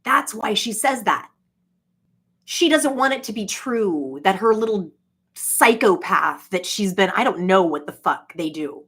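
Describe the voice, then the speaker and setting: A woman in her forties talking to her viewers in a rambling, casual monologue, halting often and filling her speech with "like". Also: medium pitch, expressive, a bit bright, slightly rough. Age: 40s. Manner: halting, heavy with "like" fillers.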